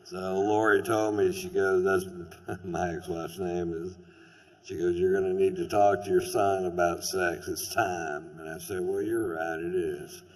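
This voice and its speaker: A man's voice: low voice, fairly even intonation, a little slow, big-room sound. Texan man doing stand-up in a theater. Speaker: stand-up comedian. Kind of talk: stand-up comedy routine. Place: large theater stage before a live audience. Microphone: stage microphone.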